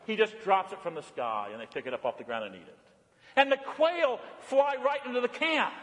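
A male pastor preaching a sermon, animated, rising high and loud on exclamations and dropping low and quiet on reflective lines. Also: brisk, big-room sound.

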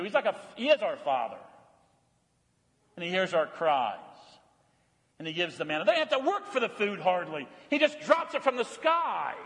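A man preaches a sermon in a high-pitched voice. He climbs high and loud on his exclamations, then sinks low and quiet on the reflective lines. The sound carries a long church reverb. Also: wildly swooping pitch, normal speed. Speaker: pastor.

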